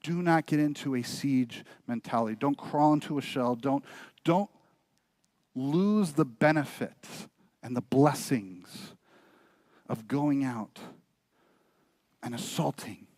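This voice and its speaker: A man's voice: medium pitch, expressive, takes it slowly, long pauses, no room sound. A male pastor preaching a sermon, telling a story and urging his listeners earnestly. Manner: storytelling, building to earnest, quieter exhortation. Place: church.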